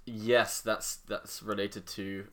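A man's voice: lowish voice, little pitch movement, slow pace, fairly bright tone. A man co-hosting a podcast, chatting casually with teasing banter. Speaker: podcast co-host. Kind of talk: casual chat.

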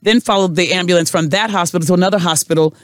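A woman podcast host and radio personality in casual chat, animated and telling stories with quoted voices. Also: fairly low pitch, racing, dry recording, clean studio sound.

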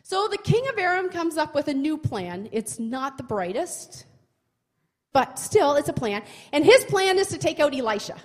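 A woman retelling a Bible story in a chatty, expressive way, often asking the listener questions. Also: high voice, normal speed. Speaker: Bible teacher. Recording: long hall reverb.

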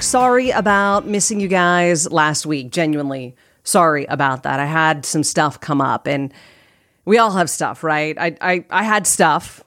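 A woman's voice: deep voice, measured pace, fairly bright tone, dry recording, faint music behind. Earnest chatty woman podcast host. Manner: earnest, chatty, repeats phrases for emphasis. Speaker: podcast host and life coach. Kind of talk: casual solo podcast talk.

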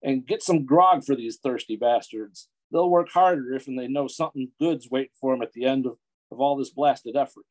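A man's voice: mid-range voice, brisk, a little mellow, natural voice. A man voicing a blunt, bossy middle-aged captain giving orders in a storybook reading. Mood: gruff.

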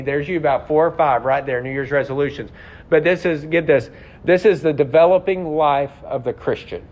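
A man, a pastor, preaching a sermon in a conversational, confessional way, with rhetorical questions to his congregation. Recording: slightly muffled sound with faint rumble.

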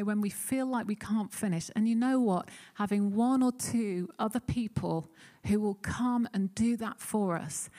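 A woman's voice: mid-range voice, dark tone. A woman preaching a sermon in an earnest, conversational way, acting out the pleas she quotes.

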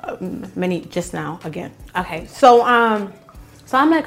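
A woman's voice: on the low side, expressive, moderate pace, vocal fry, fairly bright tone, soft background music. A young woman co-hosting a casual chat on camera, telling stories bluntly and with animation. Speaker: podcast co-host. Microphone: on camera, eating while talking.

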